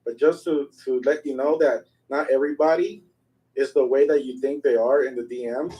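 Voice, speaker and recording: A man with a mellow, darker tone speaks earnestly and apologetically in an online group chat. He sounds a little far from the microphone. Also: mid-range voice, fairly even intonation, normal speed. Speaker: Twitter space participant.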